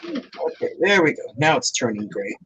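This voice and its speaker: A woman's voice: very deep voice, wildly swooping pitch, moderate pace, a bit bright. A woman co-hosting a casual crafting livestream, rambling and joking about her painting mess. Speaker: co-host crafter.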